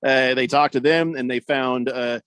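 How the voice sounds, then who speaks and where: A man co-hosting a sports radio show, reading listener messages out loud and riffing on them in a loose, joking way with plenty of fillers. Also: medium pitch, steady tone, moderate pace, smooth, no room sound. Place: radio studio.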